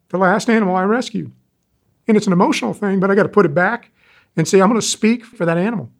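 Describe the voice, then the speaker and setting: Man, sixties, animal rescuer guest, rapid, high-pitched, animated storyteller. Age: 60s. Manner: animated, folksy storyteller, acts out quoted callers. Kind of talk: interview talk, storytelling.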